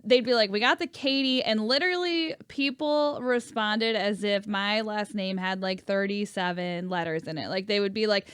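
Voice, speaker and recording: A woman co-hosting a podcast, chatting casually and telling animated stories with frequent laughter. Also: mid-range voice, moderate pace, few pauses, clean tone, no echo, studio quality. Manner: laughs often, animated storytelling. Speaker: podcast co-host. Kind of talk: casual chat.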